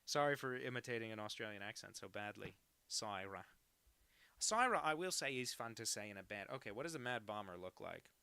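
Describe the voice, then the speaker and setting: Drawing on a live stream, a young cartoonist jokes around and reads chat messages aloud using a home mic setup, not a professional one. His fairly quick, expressive voice is on the low side, with vocal fry and a pushed, bright, smooth sound and no echo.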